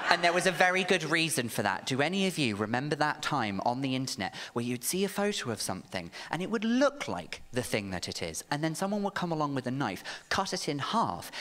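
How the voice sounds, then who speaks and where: A man performing a camp, animated stand-up set on a comedy club stage. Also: medium pitch, a little hiss or hum. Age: 30s. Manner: camp, animated storytelling with sharp asides.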